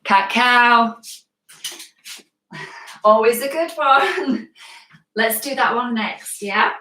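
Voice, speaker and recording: A British woman leads a live children's yoga class with playful, encouraging step-by-step instructions. Her voice is on the high side, pushed and bright, and extremely slow. She is far from the mic in an echoey room.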